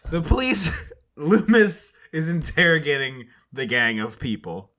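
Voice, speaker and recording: Bright, animated male podcast co-host. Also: a little high, a little slow. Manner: animated, laughs easily. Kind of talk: casual chat.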